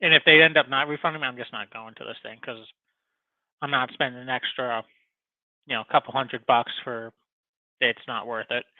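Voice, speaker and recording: A man's voice: mid-range voice, normal speed, pauses often, dry recording. A man hosting a casual podcast, telling a long story full of profanity and filler words. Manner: profane, rambling, animated storytelling. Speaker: podcast host. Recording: tinny phone-like sound.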